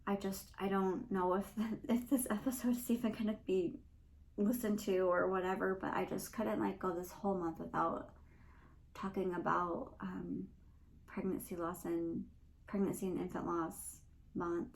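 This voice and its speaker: A woman's voice: mid-range voice, fairly even intonation, moderate pace, gravelly, a little hiss or hum, poor audio. A young woman hosting a podcast, talking earnestly and emotionally in a rambling personal monologue. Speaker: podcast host.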